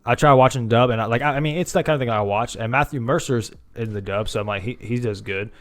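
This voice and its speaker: A man's voice: mid-range voice, fast talker. A young man co-hosting a podcast, chatting in a rambling, laid-back way, full of "bro" and "dude.". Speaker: podcast co-host. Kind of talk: casual chat.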